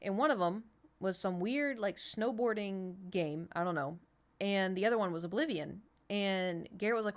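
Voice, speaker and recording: A woman's voice: on the low side, a little fast. A woman in her thirties, streaming and chatting casually, rambling through an anecdote and answering chat as she goes.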